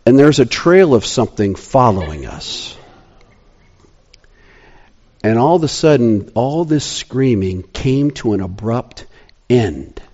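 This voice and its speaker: Animated male storyteller at mid pitch. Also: lo-fi sound. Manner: animated, swinging from excited to hushed. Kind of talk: storytelling sermon.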